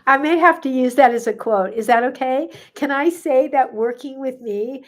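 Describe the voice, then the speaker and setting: A woman's voice: sits high, moderate pace, hardly any pauses. Chatty older woman coach hosting a live Q&A. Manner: chatty, laughs often, many "um" fillers. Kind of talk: casual live-stream chat answering viewer comments.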